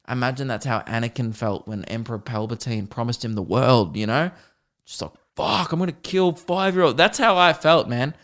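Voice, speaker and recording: A man's voice: mid-range voice, animated, fairly quick, fairly bright tone. A young man from Australia ranting in a profane, jokey way on a solo podcast. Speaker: podcast host.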